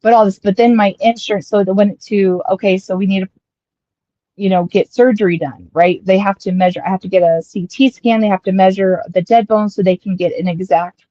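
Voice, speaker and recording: A woman's voice: mid-range voice, fairly quick, no echo, muffled recording. Chatty young woman telling a long story. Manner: chatty, rambling, quotes others in lively asides. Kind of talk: casual storytelling chat.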